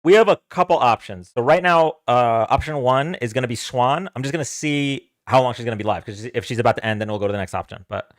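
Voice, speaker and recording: A man's voice: mid-range voice, quick pace, few pauses, dry recording, studio quality. A man hosting a casual livestream, chatting loosely with fillers and easy laughs. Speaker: livestream host.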